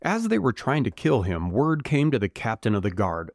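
A man co-hosting a podcast, chatting casually with jokes and reading Bible passages aloud with animated delivery. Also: medium pitch, moderate pace, no echo, studio quality. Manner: animated, joking, dramatizes quoted voices. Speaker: podcast co-host and scripture reader.

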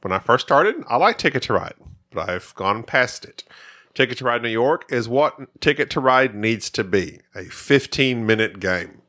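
Animated, bright-voiced man. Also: mid-range voice, normal speed. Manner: animated, laughs often. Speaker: podcast co-host. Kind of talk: casual chat about board games.

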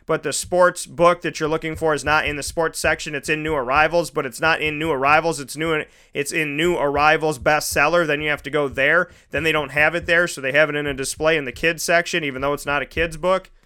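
Speaking a little fast with few pauses, this man has a fairly high voice and a clean tone. He's a radio host in a studio, spinning an animated, casual story on his own show and voicing the people he quotes.

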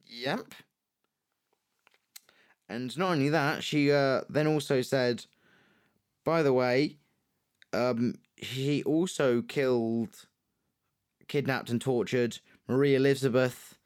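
A man, casually telling a true-crime story on a podcast, animated and jokey, slipping into quick put-on voices. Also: mid-range voice, smooth. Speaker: podcast co-host.

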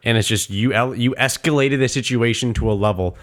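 A man's voice: mid-range voice, brisk, a bit bright. A man co-hosting a casual podcast chat, gleefully recounting his game exploits and swearing casually. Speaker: podcast co-host.

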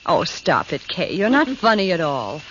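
An actress playing a brisk, sensible young woman who explains and scolds, in an old radio drama. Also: lowish voice, big pitch swings, noisy background. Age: young adult. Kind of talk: 1940s radio drama acting. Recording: dull old radio recording.

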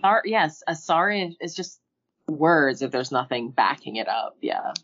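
A woman's voice: deep voice, lively intonation, measured pace, fairly bright tone, muffled recording. A woman who teaches preschool, chatting casually as a podcast guest and acting out talks with children.

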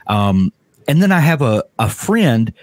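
A man hosting an interview podcast who talks casually and hesitantly, with frequent pauses and restarts. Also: medium pitch, big pitch swings, a little mellow, no echo. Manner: hesitant, many fillers and restarts, affirming. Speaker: podcast host.

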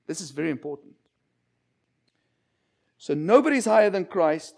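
A man's voice: high voice, expressive, normal speed, gravelly, darkish tone. A man preaching as a church minister, talking conversationally and acting out quotes. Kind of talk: sermon.

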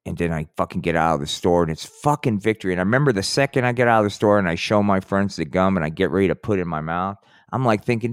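A man's voice: deep voice, expressive, fast talker, few pauses, smooth, no room sound, clean studio sound. A middle-aged man hosting a podcast, telling a long profane story in a rambling way and saying "man" often. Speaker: podcast host.

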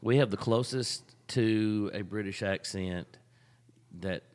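A man's voice: lowish voice, takes it slowly, a little mellow, smooth, big-room sound. A man with an Alabama Southern accent, co-hosting a casual podcast chat and rambling through stories. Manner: chatty, rambling storyteller. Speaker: podcast co-host.

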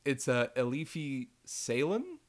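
A man in the middle of a relaxed film podcast, his voice at an ordinary middle pitch. He chats easily and drops in wry joking asides. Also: slow. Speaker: podcast co-host. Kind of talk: casual film discussion.

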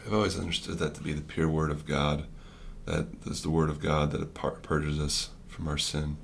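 A male pastor with a very deep, gravelly voice. He speaks in a flat, even line, thinking aloud and feeling for his words as he discusses scripture. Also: normal speed, a little hiss or hum. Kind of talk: devotional discussion.

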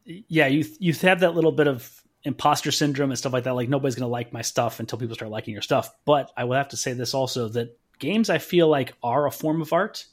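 A man's voice: mid-range voice, fairly quick, hardly any pauses. Encouraging male podcast host. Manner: encouraging, reflective. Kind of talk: casual interview chat.

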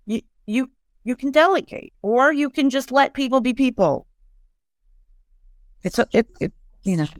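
A woman who is a clinical social worker, giving advice in a casual podcast chat, lively and full of restarts and acted-out asides. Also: high voice, moderate pace, long pauses, no room sound, studio quality. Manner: warm, animated, many restarts and acted asides.

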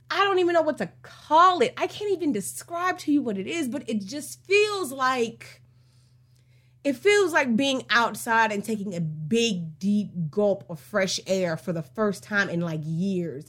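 A woman hosting a casual song breakdown, talking emphatically with plenty of swearing. She moves between heated rants and slow, drawn-out musing. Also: fairly high pitch. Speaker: podcast host.

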